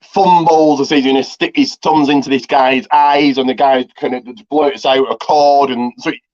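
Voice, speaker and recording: In a steady, darkish mid-range voice at moderate speed, a man walks through a film's plot for his review, rambling and restarting with frequent ums. The lo-fi recording is a bit dull.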